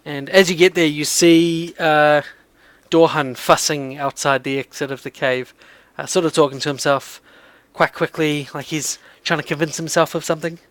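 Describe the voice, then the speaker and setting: A man running a tabletop game as game master, narrating casually with plenty of fillers. His voice sits a little high and sounds dry and close to the mic. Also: fairly even intonation, moderate pace, a bit bright, dry recording.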